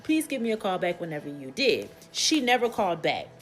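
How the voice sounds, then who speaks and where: A woman's voice: fairly low pitch, sing-song, brisk. A mother telling a personal story in a rambling, emphatic, conversational way. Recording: loud background TV soundtrack. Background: TV show audio playing.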